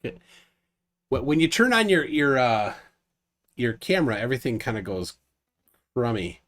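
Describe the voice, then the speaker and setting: A man's voice: medium pitch, lively intonation, fairly bright tone. A man hosting a live debate stream, talking casually with lots of fillers and restarts. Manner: rambling, halting with restarts and fillers. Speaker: livestream host.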